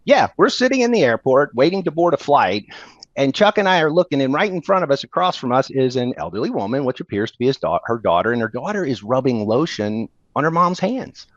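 A man co-hosting a podcast, telling stories in a casual, animated way and laughing often, on a dull, dry recording. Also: mid-range voice, no room sound. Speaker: podcast co-host. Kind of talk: casual storytelling chat.

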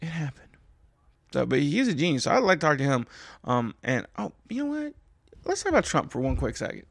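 A man's voice: a little fast, creaky, no echo, clean studio sound. A man from Kentucky hosting his own show, ranting about politics in a casual, exasperated way, his voice leaping up for emphasis. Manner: animated and exasperated, jumps high in pitch for emphasis. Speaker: political commentary show host. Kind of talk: casual solo political rant.

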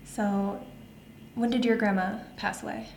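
A woman's voice: medium pitch, fairly even intonation, unhurried, a little mellow. A woman hosting a podcast in casual, chatty conversation with thoughtful asides. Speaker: podcast host. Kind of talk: casual chat. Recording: roomy echo, faint hiss.

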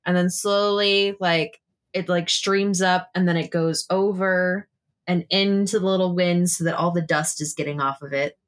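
A woman's voice: fairly low pitch, fairly even intonation, normal speed. A woman playing a tabletop role-play game, describing her character's actions in a rambling, casual way with swearing. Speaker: player.

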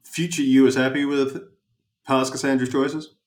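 A man's voice: medium pitch, little pitch movement, moderate pace. A man, hosting an interview podcast and telling a long, rambling anecdote full of fillers. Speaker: podcast host. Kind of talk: casual storytelling interview. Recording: roomy echo.

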